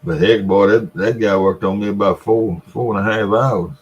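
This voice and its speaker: The audio is dull, but you can hear a lowish male voice at a moderate pace with fairly even intonation. He's a vlogger in his seventies from the Mississippi Delta, USA, telling a long, folksy story in his Southern accent and laughing between lines.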